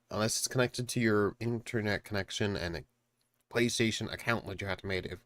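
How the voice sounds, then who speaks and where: A man's voice: on the low side, brisk, fairly bright tone, dry recording. A man streaming, chatting casually and ranting emphatically while he eats dinner. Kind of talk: casual chat reacting to a video.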